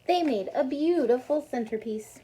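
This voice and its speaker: A woman reading aloud as a bossy middle-aged hostess, announcing loudly and brightly. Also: high voice, lively intonation, moderate pace, pitched above the performer's own voice, poor audio. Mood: cheerful. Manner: loud, announcing.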